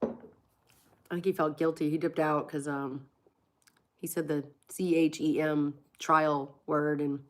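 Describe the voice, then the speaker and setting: A woman's voice: deep voice, slow pace, a little hiss or hum. A woman in her forties who has a cold, telling blunt, profane stories on a casual livestream and acting out what people said. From Florida. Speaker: livestream host. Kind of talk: casual live-stream storytelling.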